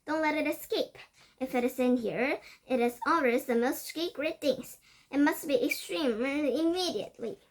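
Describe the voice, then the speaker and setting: A woman's voice: sits high, normal speed, pitched above the performer's own voice, lightly acted. A woman putting on a bossy witch queen barking orders. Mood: furious. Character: stern domineering female witch leader. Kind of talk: storybook reading.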